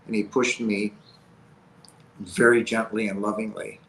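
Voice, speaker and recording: A man speaking as an interview guest, telling a personal story in an earnest, halting, emotional way. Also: fairly low pitch, a little hiss or hum, poor audio.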